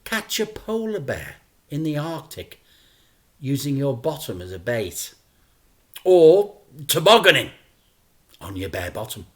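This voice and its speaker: Male teacher, storybook reader, lively and bright, unhurried delivery. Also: medium pitch. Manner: expressive, playful. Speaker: teacher reading to children. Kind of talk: storybook reading.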